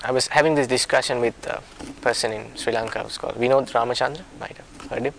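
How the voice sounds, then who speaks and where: A man guides a small discussion circle in a meeting room, soft-spoken and apologetic, often restarting his sentences. His voice has a gravelly edge, and faint background noise runs under it. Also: mid-range voice, fairly even intonation, fast talker. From a warm-climate country. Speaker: discussion leader.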